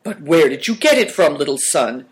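A man voicing a gruff, scheming bearded man in a storybook reading, growling and cross. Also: on the high side, very animated, normal speed, poor audio.

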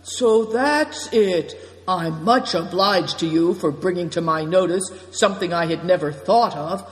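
Conceited male traveler with shrill, mocking outbursts, put on by a male reader; storybook reading in a long-echo room. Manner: mocking, flares up into high cries. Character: sneering boastful male traveler, conceited and touchy. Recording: long reverb.

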